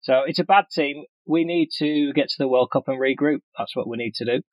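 A man's voice: medium pitch, fairly quick, dry recording, highs cut off. A man co-hosting a casual chat, talking in dry, wry banter. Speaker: podcast co-host. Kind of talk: casual chat about fantasy football.

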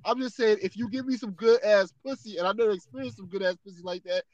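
A man with a high voice co-hosts a loose, crude podcast chat. He is laid-back and laughs easily, tagging most lines with "you know what I'm saying.". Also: fast, dull audio, crowd noise. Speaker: podcast co-host. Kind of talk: casual chat.

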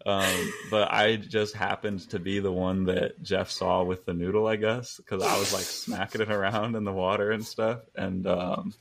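A young man in his twenties with a low, gravelly voice that rumbles with vocal fry. He tells rambling stories in a relaxed chat, chuckling through them. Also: moderate pace, few pauses. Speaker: podcast guest. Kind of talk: casual storytelling chat.

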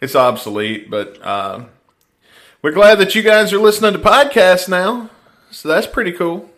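A man from the hosts a podcast in a loose, joking way. His voice is bright and clear, and he swears freely as he spins a story. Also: sits high, animated, moderate pace. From Mississippi, US. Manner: storytelling, swearing, laughing often. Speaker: podcast host. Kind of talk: casual podcast chat.

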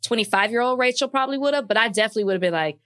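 A woman co-hosting a podcast in casual chat, lively and quick to push back. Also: fairly high pitch. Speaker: podcast co-host.

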